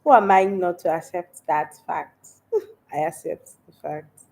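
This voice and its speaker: A young Nigerian woman hosting a livestream sounds stuffy and congested from a cold as she casually reads comments and laughs often. Her voice is fairly low, expressive and darkish in tone, with vocal fry and a measured pace.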